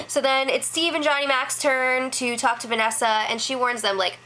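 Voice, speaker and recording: A woman's voice: high voice, fairly even intonation, sharp tone, a little hiss or hum, low-quality recording. A woman giving a casual spoken recap, chatty and full of "like" fillers. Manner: chatty, lots of "like" fillers, quick mimicry of others. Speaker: reality show recap host.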